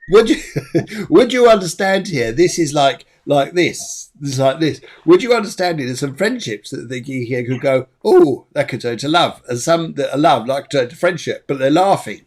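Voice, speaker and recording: A man hosts a live spiritual reading and works as a medium himself. He speaks softly and with enthusiasm, and he often repeats words as he relays impressions. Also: medium pitch, expressive, moderate pace, hardly any pauses. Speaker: medium and show host.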